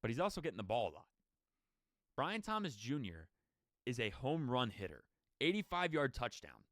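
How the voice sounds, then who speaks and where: A man hosting a sports podcast, giving an opinionated, rapid-fire solo rant full of rhetorical questions. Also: mid-range voice, very animated, a bit bright, no room sound, studio quality.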